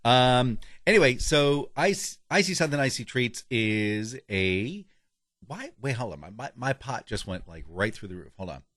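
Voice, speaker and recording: Man, podcast co-host, rambling, self-interrupting, lively pitch, dry close sound. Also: normal speed, no room sound. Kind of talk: casual podcast chat with a read ad.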